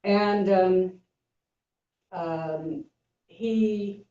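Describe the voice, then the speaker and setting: An older woman giving an informal talk as a Zen teacher, speaking haltingly with many fillers and restarts. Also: mellow. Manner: acts out story voices with lifted pitch. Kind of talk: informal lecture. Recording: echoey room, mic far off, dull sound.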